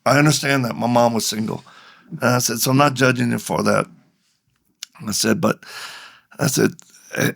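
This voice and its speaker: A man's voice: mid-range voice, vocal fry, slightly rough. A middle-aged man, a ministry leader and podcast guest, telling a story animatedly, acting out both sides of the dialogue.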